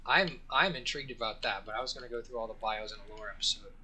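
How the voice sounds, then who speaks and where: Casual male let's play host, rambling jokester, sharp bright voice. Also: mid-range voice, quick pace, slightly rough. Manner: rambling, joking storyteller with fillers and restarts. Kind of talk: casual gameplay commentary.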